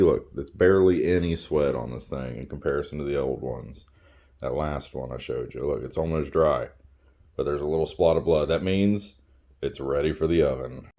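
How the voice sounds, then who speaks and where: A man's voice: extremely low pitch, dark tone. A man in his home kitchen, filming a casual cooking tutorial on his phone, blunt and crude, repeating his instructions again and again. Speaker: home cook showing a recipe. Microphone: phone camera.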